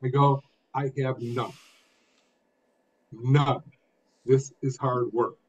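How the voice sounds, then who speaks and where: An older man, a guest telling his story in an expressive, emphatic way, phrase by phrase. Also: medium pitch, drawn-out words, slight background noise. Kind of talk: conversational storytelling. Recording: dull lo-fi sound.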